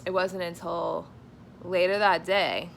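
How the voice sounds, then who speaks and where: A woman's voice: fairly low pitch, level tone, slow pace, vocal fry, fairly bright tone, slight background noise. A young woman vlogging at home, candid and chatty, sometimes dropping to a whisper. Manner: chatty and candid, many fillers, drops to a whisper at times. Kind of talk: casual personal vlog.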